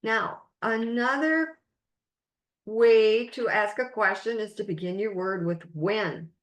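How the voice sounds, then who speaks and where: A woman life coach leading a webinar masterclass, speaking in slow, emphatic, drawn-out phrases. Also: fairly high pitch, reverberant.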